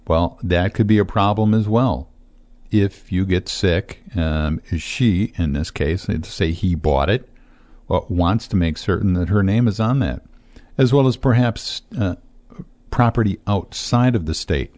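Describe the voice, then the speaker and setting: A middle-aged man, a financial advisor, explaining estate matters in casual talk-show chat, steady with frequent fillers. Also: low voice, a little slow.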